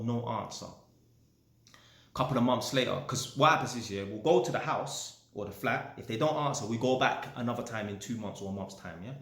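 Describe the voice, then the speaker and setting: A man's voice: mid-range voice, reverberant. A man telling a story casually, swearing often and ending lines with "yeah?". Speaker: vlogger.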